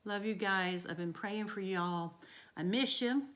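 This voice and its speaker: A woman's voice: medium pitch, measured pace, heavy background noise. A woman teacher, walking students through a grammar lesson by asking and answering her own questions. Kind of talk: recorded remote grammar lesson.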